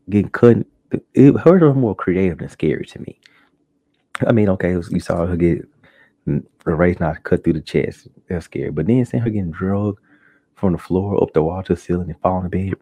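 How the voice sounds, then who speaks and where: A man hosting a casual solo podcast, telling stories animatedly and acting out shocked reactions. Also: dry recording. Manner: animated storytelling, acts out shocked reactions in high voice. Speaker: podcast host. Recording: dull lo-fi dry home recording.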